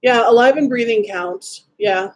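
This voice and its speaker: A woman's voice: fairly high pitch, unhurried. A woman from Wisconsin chatting casually on a livestream, greeting viewers by name and making snarky asides.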